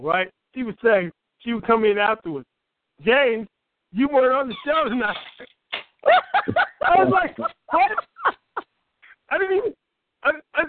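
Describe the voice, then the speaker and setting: A man's voice: very high-pitched, no room sound. A man guesting on an interview, telling stories animatedly and laughing a lot. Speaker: guest poet. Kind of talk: casual interview chat. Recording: tinny phone line, dry.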